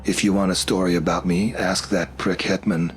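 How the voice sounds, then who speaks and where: A man's voice: deep voice, flat delivery, normal speed, a little hiss or hum, close to an everyday voice. A man voicing a detached, haughty young man who is a dead serial killer, speaking coldly and dismissively. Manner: cold, dismissive, sneering.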